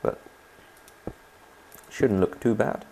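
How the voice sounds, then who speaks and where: A man speaks slowly in a dark tone, with slight background noise behind him. As a gaming channel host doing let's play commentary, he chats and rambles through his own game and keeps inviting viewers' thoughts.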